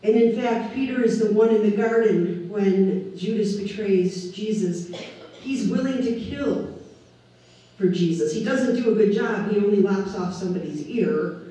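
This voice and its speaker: A woman pastor delivering a sermon, preaching deliberately with emphatic rises on key words. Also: medium pitch, warm tone. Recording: echoey room, voice from far off the mic.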